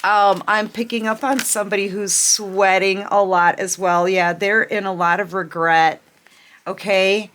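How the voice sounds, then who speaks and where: Woman, tarot reader, unhurried speech, casual and giggly, late-night home reading. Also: medium pitch, steady tone, a bit bright, a little hiss or hum. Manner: laughing, chatty, many fillers.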